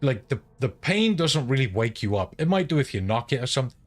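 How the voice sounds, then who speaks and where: A man's voice: medium pitch, big pitch swings, fairly quick. A British man from the UK, a game streamer chatting casually and telling rambling stories full of swearing. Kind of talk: casual chat while gaming.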